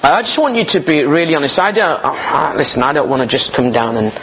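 A man's voice: a little high, very animated, brisk, husky. A man preaching an informal sermon in an earnest, conversational way, often repeating his words as he goes. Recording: slightly dull, muffled recording.

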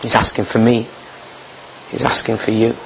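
A man's voice: fairly low pitch, level tone, moderate pace, vocal fry, slight background noise. A man preaching an informal sermon in an earnest, conversational way, often repeating his words as he goes. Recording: slightly dull, muffled recording.

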